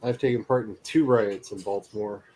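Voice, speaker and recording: A man's voice: on the low side, steady tone, normal speed, darkish tone, a little hiss or hum. A man in casual chat, teasing his friends and telling long, rambling stories. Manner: teasing, rambling anecdotal storyteller.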